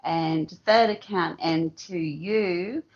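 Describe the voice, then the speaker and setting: A woman's voice: on the low side, slow, muffled recording. A woman from Australia with an Australian accent, chatting casually and affectionately on a live stream from home, greeting viewers one by one. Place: at home, indoors.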